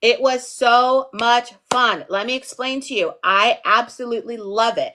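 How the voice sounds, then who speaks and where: A young woman from the US East Coast, speaking in a fairly high, bright, forceful voice at a measured pace, teaches TV pitching over a casual livestream. She's playful and talkative, often straying off topic and asking "okay?"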